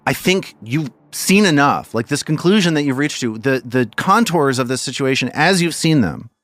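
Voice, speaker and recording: A man running a tabletop game as game master, narrating in a relaxed way and often repeating words as he thinks. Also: mid-range voice, moderate pace, no echo.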